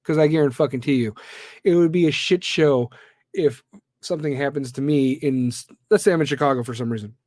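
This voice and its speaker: A podcast host with a mid-range, darkish voice launches into a blunt, profane, heated ranting monologue, speaking a little fast. The recording is dry and studio quality.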